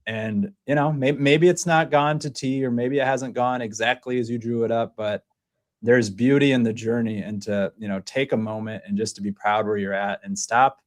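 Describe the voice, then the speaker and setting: Animated man hosting an interview. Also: moderate pace. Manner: animated storyteller, voices quotes in a high excited tone. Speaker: podcast host. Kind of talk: casual interview chat.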